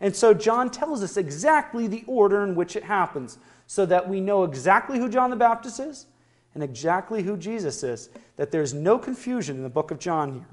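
Preacher, man, high voice; questions the congregation, booms out scripture slowly. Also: big pitch swings. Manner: slow, declaring rise on scripture quotes; asks the listeners questions. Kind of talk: sermon.

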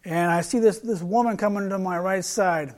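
Male street preacher, high voice, earnest, repeats himself while reading scripture. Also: normal speed, a little mellow. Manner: earnest, repeats words and restarts, reads scripture aloud. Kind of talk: sermon with retold street conversation.

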